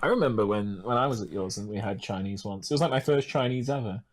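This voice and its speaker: A man's voice: fairly low pitch, fast talker. A young man from the UK, co-hosting a podcast with joking, teasing banter and frequent laughter. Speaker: podcast co-host. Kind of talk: casual chat.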